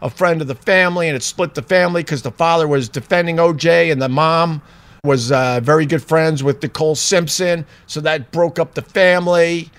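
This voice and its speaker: A man's voice: a little high, moderate pace, fairly bright tone. A man in a rambling, chatty commentary full of fillers. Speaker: vlogger. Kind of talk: casual commentary.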